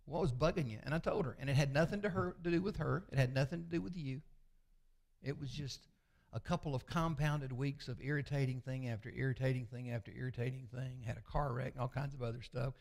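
A man, a pastor preaching a sermon with folksy, confessional storytelling that often sinks to a low murmur. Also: fairly even intonation, fairly quick, creaky, a little mellow. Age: 60s.

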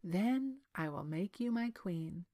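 A woman's voice: fairly low pitch, lively intonation, slow pace, dark tone. A woman voicing a scheming, greedy male prime minister in a read-aloud story, speaking in a sly, insistent way.

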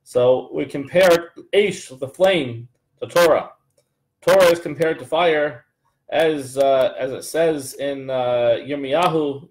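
A man's voice: on the high side, a little mellow, poor audio. A man teaching a live Torah class, reading Hebrew lines and then translating them, with frequent restarts and fillers. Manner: reads Hebrew text then translates, many restarts and fillers, jokes aside.

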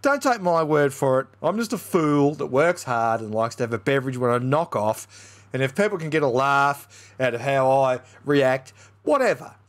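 A man's voice: mid-range voice, moderate pace. A young Australian man giving a blunt, sweary beer review in a casual vlog.

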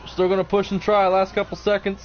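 A man streaming a game with a friend, excitable and laughing often as he cheers the team on. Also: high voice, brisk. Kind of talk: casual gameplay chat with a friend. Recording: dull lo-fi stream audio with faint hiss.

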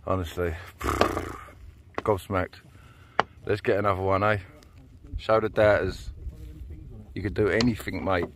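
A man doing an excitable, breathless fishing commentary, loud and exuberant, outdoors on a small boat. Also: fairly low pitch, moderate pace, pauses often. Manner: loud, exuberant, shouts and whoops. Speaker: angler vlogger. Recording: noisy open-air boat recording.

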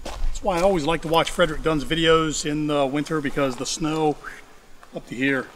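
Chatty beekeeper man, slightly high voice. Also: steady tone, normal speed, a bit bright. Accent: mixed Georgia and Ohio. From Ohio. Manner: chatty, thinking aloud, self-mocking. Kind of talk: casual narration while working hives. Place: outdoors among beehives. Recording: noisy outdoor recording with bee buzz. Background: buzzing bees and outdoor ambience.

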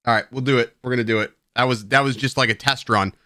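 A man's voice: mid-range voice, steady tone, fast, sharp tone, a little hiss or hum. Rambling, self-mocking male stream host. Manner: tipsy and playful while drinking beer. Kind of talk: casual live-stream chat. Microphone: headset at a streaming desk.

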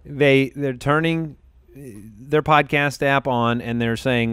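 A man's voice: medium pitch, steady tone, slow pace, fairly bright tone, clear, resonant tone, dry recording. A man hosting a podcast in casual chat, upbeat and joking as he runs the show. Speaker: podcast host. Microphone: studio podcast mic.

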